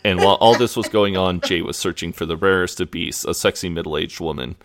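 On a podcast, a male co-host with a low-pitched voice talks a little fast, walking through a TV episode in a relaxed, rambling recap full of filler words.

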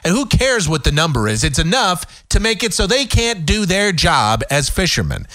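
A man's voice: sits high, sing-song, normal speed, sharp tone, no room sound, studio quality. A man hosting a talk radio show, ranting sarcastically in an opinionated monologue. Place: radio studio.

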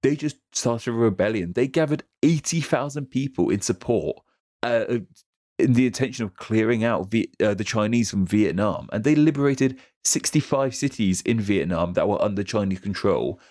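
A man co-hosting a history podcast, explaining things quickly and rambling a little. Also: lowish voice, animated, darkish tone, no room sound, clean studio sound. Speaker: podcast co-host. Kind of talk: casual history podcast chat.

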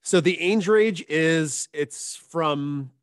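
A man who hosts a science podcast, speaking as a guest in a thoughtful, measured way with some hesitant restarts. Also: fairly high pitch, no echo, clean studio sound. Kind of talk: casual interview chat.

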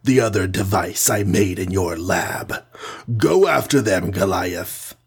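A man's voice: deep voice, expressive, slow pace, creaky, slightly rough, voice pushed down, heavily acted. A man voicing Kars, a gloating alien villain. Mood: commanding. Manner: commanding, mocking. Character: sinister alien male villain, gloating and cruel. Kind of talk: storybook reading.

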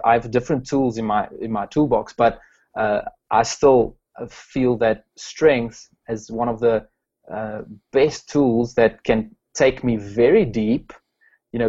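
A man's voice: medium pitch, a little slow, a little mellow, lo-fi sound. A man from South Africa, a strengths coach, answering interview questions with many fillers and restarts.

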